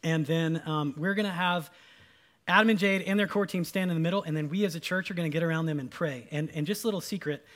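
A man with a very high voice leads a church service as pastor. He talks to the congregation in an easy, informal way. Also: fast. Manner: relaxed, informal, speaks directly to the congregation.

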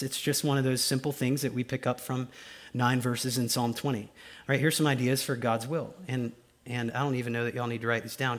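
Animated preacher man. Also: mid-range voice. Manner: animated, conversational preaching with frequent "right?" and "y'all". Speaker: pastor. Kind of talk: sermon. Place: church.

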